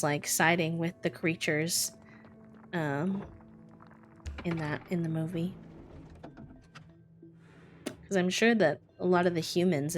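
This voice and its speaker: A young woman casually chatting to her live-stream audience while playing a farming game. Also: deep voice. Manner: relaxed, chatty, talks to chat between tasks.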